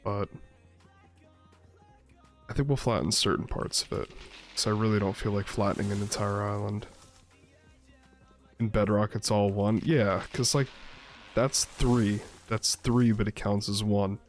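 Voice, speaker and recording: A man's voice: on the low side, steady tone, a little slow, long pauses, faint music behind. A man chatting casually while playing a game, telling rambling stories full of swearing. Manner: rambling, profane, laid-back storyteller. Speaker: streamer playing a survival game. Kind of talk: casual gameplay chat and storytelling.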